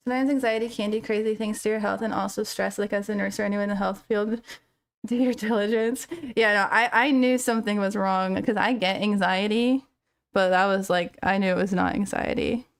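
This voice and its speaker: A young woman chats casually with viewers on a live stream, reading chat aloud and telling a story through frequent laughter. Her medium-pitched voice is fairly quick, with fairly even intonation.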